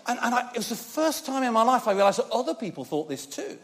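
Animated high-voiced man preaching. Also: fast, hardly any pauses. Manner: conversational, with frequent tag questions to the congregation; animated, swinging from loud emphasis to quiet. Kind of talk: sermon. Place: church service.

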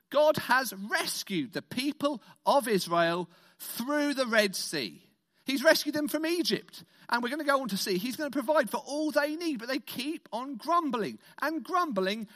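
A man from Britain preaching to an all-age congregation in an animated, playful way. His voice sits high and swings widely in pitch. He draws the congregation into call-and-response.

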